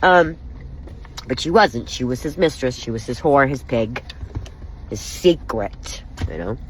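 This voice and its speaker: A woman's voice: very deep voice, lively intonation, a little slow, a little hiss or hum, poor audio. A woman venting in an angry, wounded and profane way, speaking straight to the camera about personal hurt. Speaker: vlogger. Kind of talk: emotional personal vent.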